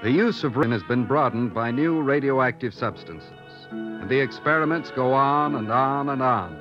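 A man's voice: medium pitch, animated, normal speed. A man giving solemn scripted narration for a 1950s documentary. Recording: dull lo-fi old film soundtrack with music.

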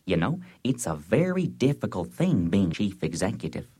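A man's voice: lowish voice, sing-song, normal speed, mellow, slightly rough, heavily acted. A man playing a president as a children's-show host, talking down as to children in a sing-song way. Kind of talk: comedy sketch record.

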